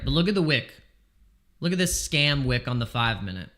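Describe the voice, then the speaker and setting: A man live-streaming crypto trades in casual chat, excitable and exasperated, swearing freely as he talks. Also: medium pitch, moderate pace.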